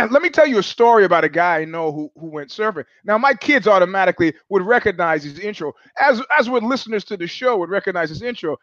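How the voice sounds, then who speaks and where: A man's voice: high voice, fast talker, few pauses, no echo, lo-fi sound. Sardonic New man telling stories. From New York. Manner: profane, sardonic, animated storyteller who acts out voices. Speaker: podcast host. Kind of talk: casual monologue, storytelling.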